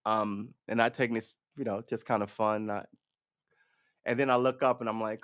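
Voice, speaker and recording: A man's voice: fairly low pitch, moderate pace, pauses often. A man hosting his own podcast, talking off the cuff in a blunt, rambling way, with frequent restarts and some swearing. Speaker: podcast host. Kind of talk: casual solo livestream commentary.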